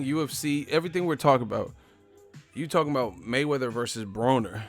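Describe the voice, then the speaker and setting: A man hosting a boxing live stream in casual chat, animated, swearing freely and laughing a lot. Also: a little high, a little fast, soft background music.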